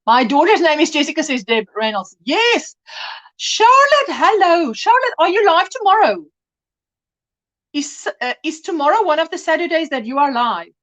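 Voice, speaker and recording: A woman's voice: high voice, big pitch swings, moderate pace, fairly bright tone. A woman hosting a casual crochet livestream, chatting, reading out viewer comments and laughing often.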